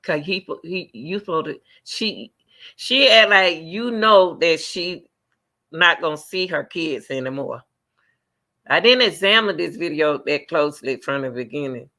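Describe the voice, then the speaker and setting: A man doing live reaction commentary on a video, animated and talking straight to his chat. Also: a little high, moderate pace. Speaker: commentary streamer.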